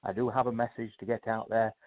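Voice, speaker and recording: An older man with a British accent, a guest author telling his life story in a modest, measured way with hesitant fillers. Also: fairly low pitch, little pitch movement. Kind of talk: storytelling in a casual interview. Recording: tinny phone-like line.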